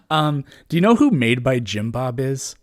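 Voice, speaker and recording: A man in a relaxed podcast conversation, circling his point with lots of fillers, restarts and quick laughs. His voice sits at an ordinary middle pitch. The sound is dry and close, with little room around it. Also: no room sound. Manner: rambling, many restarts and fillers, laughs often. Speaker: podcast guest. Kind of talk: casual conversation.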